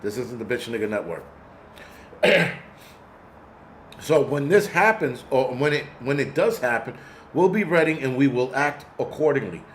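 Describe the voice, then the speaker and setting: A man's voice: mid-range voice, lively intonation, measured pace, pauses often, a bit bright, slight background noise. A man hosting a casual vlog who rants angrily and bluntly, with plenty of profanity. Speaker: host.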